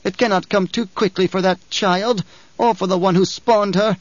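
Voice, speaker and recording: A grim, fearful old woman truth-sayer, as a male reader puts her on, her voice pitched well above his own and drawn out slowly. The audiobook recording is dry and a little dull. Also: steady tone, dry recording, natural voice. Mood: condemning.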